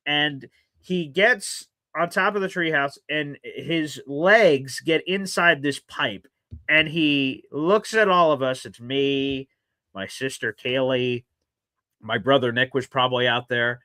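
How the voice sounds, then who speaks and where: A man's voice: medium pitch, slow pace, no room sound. A man hosting a call-in radio show, telling a story casually and acting out the voices in it. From South Carolina. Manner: animated, acts out voices in his stories.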